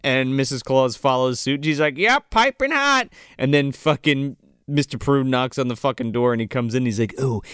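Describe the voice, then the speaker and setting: A man's voice: medium pitch, level tone, normal speed, clean tone, no room sound, clean studio sound. A man casually riffing on an old movie with friends, swearing, laughing and acting out characters in silly voices. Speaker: podcast co-host.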